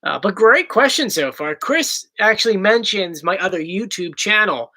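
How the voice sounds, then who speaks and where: Man, South Jersey accent, young adult, chatty livestream host, lively pitch, bright tone. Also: moderate pace, low-quality recording. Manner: chatty, animated, reads viewer questions aloud. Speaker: YouTube host. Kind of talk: casual livestream Q&A.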